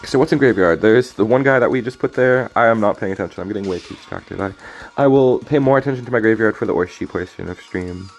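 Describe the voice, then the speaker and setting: On his card game stream, a man with a lowish voice talks fast, casually rambling through commentary and jokes. He frequently breaks off mid-thought and says sorry, with faint game music in the background.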